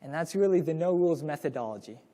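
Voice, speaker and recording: A man's voice: on the high side, expressive, fast talker, warm tone, big-room sound. A young man presenting a parenting lesson to a class in a casual, storytelling way, acting out the lines he quotes. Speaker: course presenter.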